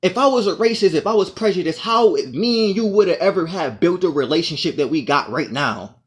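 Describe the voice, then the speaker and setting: A man's voice: sits high, expressive, fairly quick. A man in an aggrieved, profane monologue to the camera, repeating his points as he rants. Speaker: vlogger.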